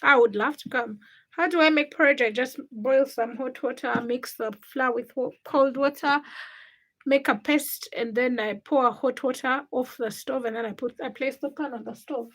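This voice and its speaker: A woman's voice: high voice, normal speed, a bit bright. A young woman hosting a casual livestream, chatting with viewers and reading their comments aloud while she cooks. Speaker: livestream host.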